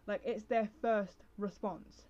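A young adult woman rambles through her casual solo podcast, full of fillers, restarts and self-interruptions. She speaks slowly with fairly even intonation in a dark, mid-range voice, on a slightly dull lo-fi recording.

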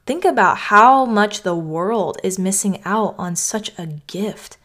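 A young woman from North Carolina hosts her own podcast, speaking slowly in an animated, medium-pitched voice with a slightly bright tone. Her reflective solo talk is earnest and conversational, and she says "like" a lot.

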